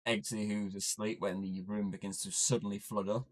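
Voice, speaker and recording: A man with a lowish voice talks through a film's plot in a relaxed podcast chat. He swears freely and keeps the recap rolling with jokes. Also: normal speed. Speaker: podcast co-host. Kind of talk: casual movie recap chat.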